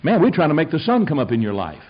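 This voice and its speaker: An older man preaching a sermon in a fiery, folksy way, rising to shouted peaks. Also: a little high, wildly swooping pitch, fast talker, dull audio. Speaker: pastor.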